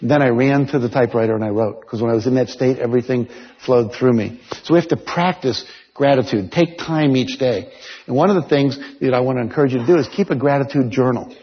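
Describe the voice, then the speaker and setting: A man giving a motivational seminar talk to an audience, coaching listeners directly and telling stories with lively energy. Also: medium pitch, fast, slightly rough. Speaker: motivational speaker. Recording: dull lo-fi sound with long hall reverb.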